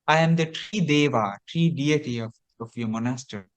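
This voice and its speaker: A man's voice: mid-range voice, normal speed, voice pushed down, lightly acted. A man voicing a naive, earnest tree spirit who speaks simply.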